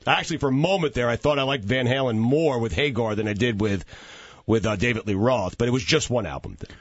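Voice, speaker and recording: A husky, mid-pitched male co-host on a sports talk radio show. He throws in blunt, teasing one-liners. The sound is dry and a bit dull. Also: quick pace, no echo. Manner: blunt, teasing, short interjections.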